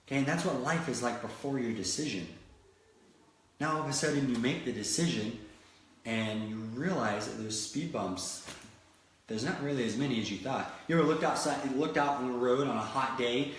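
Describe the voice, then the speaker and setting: A motivational speaker from Florida tells stories animatedly, restarting often, in a mid-range voice at normal speed. The room he's recorded in is very echoey.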